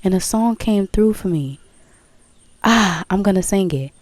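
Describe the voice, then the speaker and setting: A woman speaking slowly and candidly to her viewers about her spiritual path. Her voice is mellow and relaxed, and the sound is dry and close. She hammers points home by repeating phrases, with a swear word now and then. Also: mid-range voice, dry recording. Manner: candid, emphatic, repeats phrases, laughs, swears, breaks into song. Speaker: spiritual vlogger. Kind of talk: casual spiritual talk to viewers.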